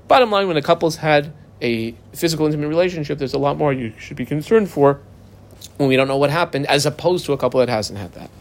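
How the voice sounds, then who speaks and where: A man with a voice on the high side teaches a page of Talmud, reading the Aramaic text aloud and explaining it in casual, lively English.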